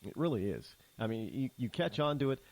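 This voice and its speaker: A man's voice: medium pitch, animated, a little fast, no echo, rough recording. A middle-aged man hosting a talk show, delivering a sarcastic, combative monologue that rambles with restarts. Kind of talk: opinionated talk radio monologue.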